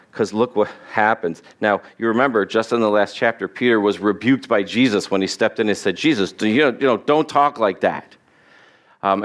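A man's voice: lowish voice, a bit bright. Man preaching a chatty sermon. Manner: conversational, acts out quoted lines, chuckles. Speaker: pastor.

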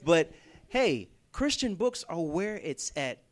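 A young adult man preaching a sermon through stories, animated and shifting from soft to loud emphasis. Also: on the high side, takes it slowly. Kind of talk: storytelling sermon.

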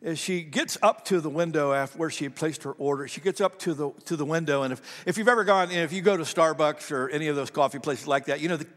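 A man preaching a sermon as a pastor, animated, moving between loud emphasis and soft storytelling. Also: fairly high pitch, fast, hardly any pauses. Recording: long hall reverb.

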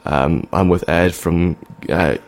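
A young man in his twenties doing an impression of a laid-back young male pop singer, quiet and mumbling with lots of hesitations. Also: sits low, steady tone, slow, background noise, pitched below the performer's own voice. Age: 20s. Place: radio studio. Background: faint background music.

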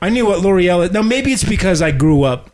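A man's voice: sits high, animated, brisk, a little mellow. A man co-hosting a podcast, rambling and joking in casual chat with lots of fillers. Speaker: podcast co-host.

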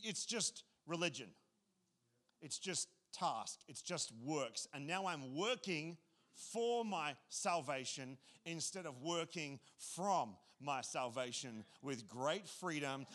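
High-voiced male pastor, lively and joking, casual sermon delivery. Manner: animated, casual and joking, repeats phrases.

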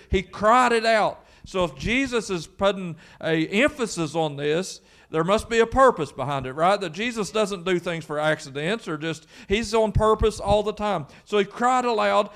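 A man's voice: sits high, moderate pace, hardly any pauses, a bit bright. A man preaching a sermon as pastor, emphatic and full of rhetorical questions.

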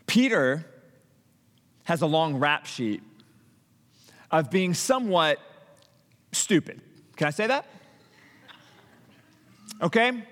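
Animated male pastor in a reverberant hall. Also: fairly high pitch, slow pace, long pauses. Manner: animated storytelling with frequent restarts and acted-out quotes. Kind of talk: sermon.

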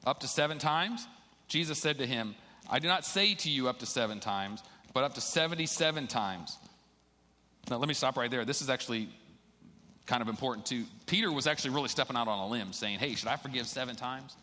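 A man's voice: mid-range voice, sharp tone. A man preaching a sermon in a casual, conversational way, reading scripture aloud and then explaining it to the church. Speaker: pastor. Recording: long hall reverb.

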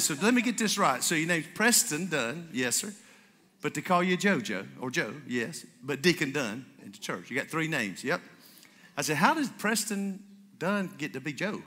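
A man preaching a sermon, acting out the voices in his stories with lively energy. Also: a little high. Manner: animated storyteller acting out dialogue. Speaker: pastor. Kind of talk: sermon with storytelling. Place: church sanctuary with congregation. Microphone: stage microphone. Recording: reverberant church hall.

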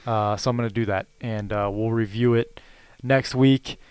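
Hesitant man with a smooth, dry voice. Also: fairly low pitch, steady tone, a little mellow, no room sound. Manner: hesitant, halting, full of fillers. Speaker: podcast co-host. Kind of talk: casual chat reviewing comedy specials.

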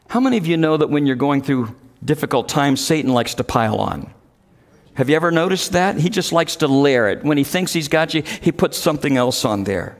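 Man, pastor, high voice, earnest sermon, rising intensity. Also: animated, brisk, big-room sound.

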